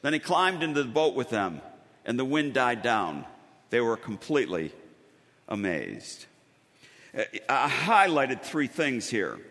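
A man delivers a sermon in a church sanctuary, his bright voice rising and falling with lively storytelling and dramatic pauses. A long reverb from the hall trails each phrase. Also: mid-range voice. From Western New York. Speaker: pastor.

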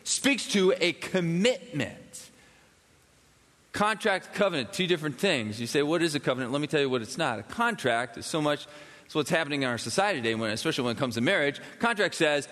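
Fairly high-voiced male preacher in a hall. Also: fairly quick. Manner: animated preaching, acts out quoted voices. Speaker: pastor. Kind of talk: sermon.

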